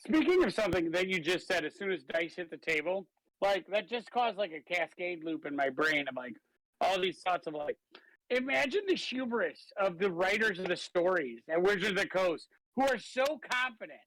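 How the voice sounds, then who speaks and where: A man co-hosting a casual podcast, animated, laughing often and acting out quoted lines. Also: sits high, normal speed, no echo, poor audio. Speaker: podcast co-host. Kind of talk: casual chat about tabletop games.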